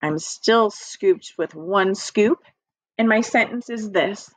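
A woman's voice: mid-range voice, takes it slowly, no room sound. A woman teaching an early-reading lesson to young children in a patient, encouraging way, speaking directly to her students. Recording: dry, slightly dull lo-fi audio.

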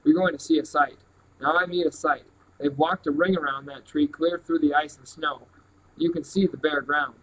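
Man reading adult male hunter, earnest, breathless, somewhat high voice. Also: fairly even intonation, normal speed, fairly bright tone, slight background noise, natural voice, rough recording. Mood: urgent.

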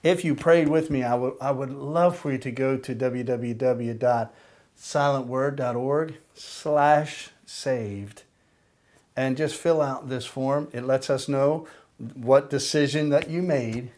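Slow, deliberate older preacher man. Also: mid-range voice, steady tone, darkish tone. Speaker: pastor. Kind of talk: sermon with prayer.

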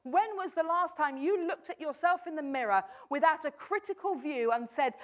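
A woman's voice: high-pitched, lively intonation, normal speed, hardly any pauses, lo-fi sound. A woman preaching a sermon, emphatic, often repeating her key phrases and acting out a doubter's replies.

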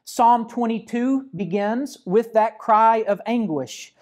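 A man from Arkansas, a pastor, giving a measured, reflective sermon and patiently explaining scripture. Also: very high-pitched, darkish tone.

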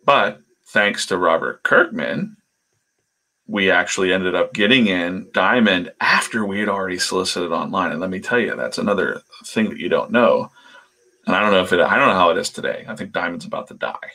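Gravelly, rambling man. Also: low-pitched, expressive, brisk, bright, forceful tone. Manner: rambling, chatty, trailing off into mumbles. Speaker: comic artist streaming while drawing. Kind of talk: casual storytelling while working.

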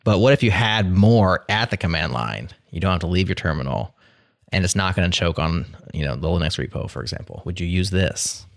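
A man's voice: low voice, lively intonation, brisk, dry recording. A man hosting a podcast, wry and dry-humored, steering the conversation. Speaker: podcast host. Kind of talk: casual chat.

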